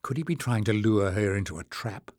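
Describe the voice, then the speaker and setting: Measured male audiobook narrator. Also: on the low side, no room sound, studio quality. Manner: measured, expressive storytelling. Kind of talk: scripted narration.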